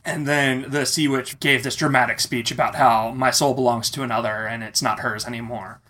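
Bright-voiced man telling a story. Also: mid-range voice, a little fast. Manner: animated, acts out quoted voices. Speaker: interviewee. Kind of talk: personal storytelling.

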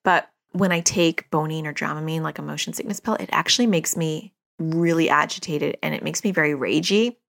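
Gravelly-voiced woman giving parenting advice. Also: low-pitched, a little fast, hardly any pauses, fairly bright tone. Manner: chatty, self-disclosing, with frequent fillers and laughs. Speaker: podcast host and parenting therapist. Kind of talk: casual advice monologue.

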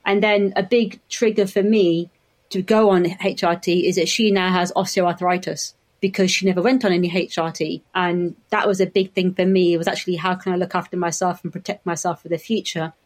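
A woman's voice: fairly low pitch, steady tone, fairly quick. A woman in her forties, an optometrist guest on a podcast, chatting and laughing as she tells stories. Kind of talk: podcast conversation.

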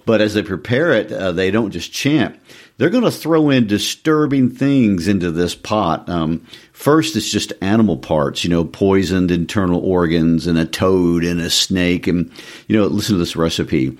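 A man's voice: low voice, expressive, normal speed. A man co-hosting a podcast, talking through a play in a loose, chatty way with lots of fillers. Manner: chatty, many "uh" and "you know" fillers. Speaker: podcast co-host. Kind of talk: casual literary discussion.

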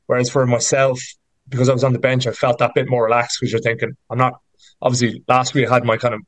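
Chatty Irish man, flat delivery. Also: medium pitch, quick pace, no room sound, poor audio. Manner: chatty, rambling storyteller with many fillers. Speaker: rugby player guest. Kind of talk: casual podcast interview.

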